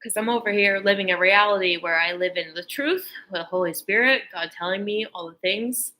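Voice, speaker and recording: A woman's voice: mid-range voice, normal speed, pushed and bright. A woman vlogger talking in an intense, rambling, profane monologue full of fervent religious talk. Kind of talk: emotional spiritual monologue.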